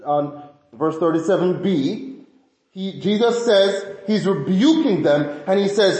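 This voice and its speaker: A man preaching a sermon as pastor, emphatic and animated, often restarting phrases. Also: high voice, unhurried, echoey room, poor audio.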